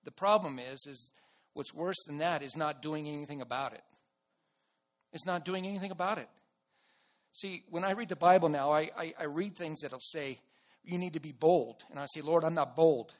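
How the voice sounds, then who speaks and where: A man preaching a sermon to his church in an earnest way, with restarts and bursts of loud emphasis. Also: on the high side, normal speed. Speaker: pastor.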